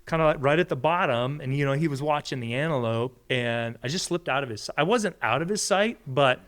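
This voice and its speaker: A man, a podcast guest, telling a story in a casual, animated way and acting out the quoted lines. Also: fairly quick. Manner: animated storyteller, acts out quotes with big pitch jumps.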